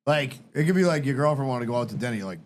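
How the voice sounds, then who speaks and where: A man hosting a casual podcast, chatting in a relaxed, profane way. He is recorded in a garage. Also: medium pitch, very fast, slight background noise. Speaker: podcast host.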